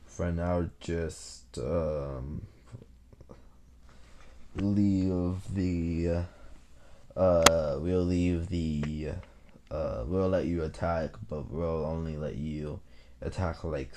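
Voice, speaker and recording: A young man casually retelling a fan-made story, rambling and halting with many fillers and restarts. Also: extremely low pitch, steady tone, dark tone, slight background noise.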